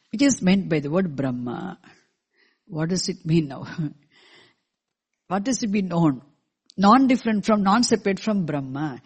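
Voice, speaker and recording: A teacher explaining a scripture verse to a class in a measured way, repeating key terms and asking the listeners questions, with verses chanted slowly in between. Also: medium pitch, husky. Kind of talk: scripture lecture.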